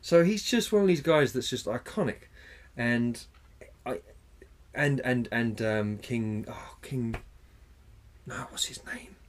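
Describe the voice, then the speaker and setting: A man's voice: medium pitch, slow pace. A man co-hosting a podcast in casual chat, rambling, swearing freely and searching for names mid-sentence. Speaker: podcast co-host.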